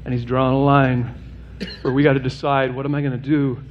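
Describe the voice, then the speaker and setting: A man's voice: little pitch movement, brisk, dull audio, slight background noise. A man preaching a sermon as pastor to his congregation, earnest and direct, mixing plain humor with a rising, urgent appeal. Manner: earnest, rises in pitch and intensity toward an urgent appeal. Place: church sanctuary.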